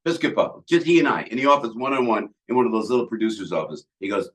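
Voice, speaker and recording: An older man with a New Jersey accent, a guest telling animated backstage stories, jumping into character voices as he acts out scenes. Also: fast talker. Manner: lively, acts out other people's lines with big pitch jumps. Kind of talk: animated storytelling.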